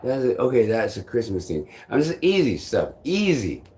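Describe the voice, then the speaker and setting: A man's voice: medium pitch, big pitch swings, normal speed, a little mellow, slight background noise. A man telling a story in a casual vlog, rambling along with repeated "I'm like" asides, frequent swearing and chuckles. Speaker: vlogger.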